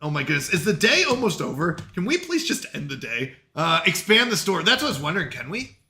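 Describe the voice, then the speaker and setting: A man's voice: a little high, sing-song, fast talker, sharp tone, slight background noise. A man with a Canadian accent, chatting frantically to himself and his stream while playing a game. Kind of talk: live-stream gameplay chat.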